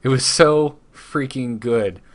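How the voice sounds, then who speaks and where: A man hosting a casual gaming podcast, chatting in an easygoing way, with halting restarts when he talks. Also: mid-range voice. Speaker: podcast host.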